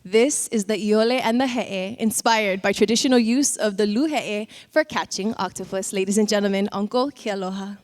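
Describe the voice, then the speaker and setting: A woman's voice: medium pitch, normal speed, few pauses, a little mellow. A woman hosting a televised talent competition in a polished, upbeat way. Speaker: host.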